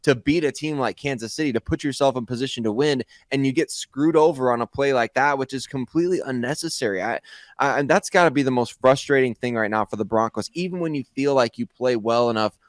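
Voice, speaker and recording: A man's voice: mid-range voice, fast talker, no echo, clean studio sound. A man co-hosting a sports podcast, giving his opinions in a conversational way. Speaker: podcast co-host.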